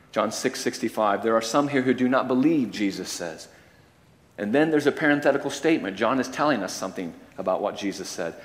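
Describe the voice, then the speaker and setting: A male preacher delivering a sermon, swinging from quiet, low statements to loud, emphatic declarations. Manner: varies loudness, rising to emphatic declarations and dropping low. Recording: long hall reverb.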